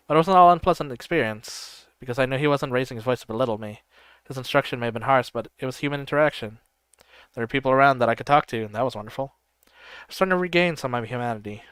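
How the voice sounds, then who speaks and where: A man streaming and reading a story game aloud in steady first-person narration, with occasional slips. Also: medium pitch, clear, resonant tone.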